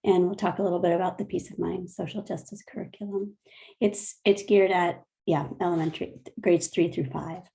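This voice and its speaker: A woman on an online meeting, describing an upcoming community event and thanking the guest in a warm, appreciative way. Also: fairly low pitch, steady tone, a little fast, gravelly. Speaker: community organizer.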